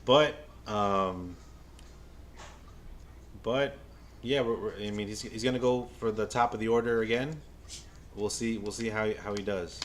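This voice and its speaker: A man livestreaming a baseball game as a fan, giving casual play-by-play to his chat, stammering and repeating himself, then bursting out when a play excites him. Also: lowish voice, a little slow, pauses often, slight background noise. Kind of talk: casual live game watch-along commentary.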